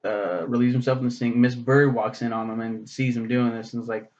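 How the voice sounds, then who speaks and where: A man's voice: medium pitch, steady tone, brisk, darkish tone, dull audio. A man casually reviewing a short story for his vlog, rambling and swearing, with many "um"s. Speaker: book reviewer.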